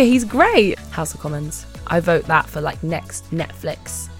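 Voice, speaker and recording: A giggly woman answers questions in a loose, chatty way. Her pitch leaps around, and she keeps breaking into laughter and quick put-on voices. Soft music plays faintly behind her. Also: expressive, husky. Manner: bubbly, laughs often, acts out little voices. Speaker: interview guest, model. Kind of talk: casual chat answering questions.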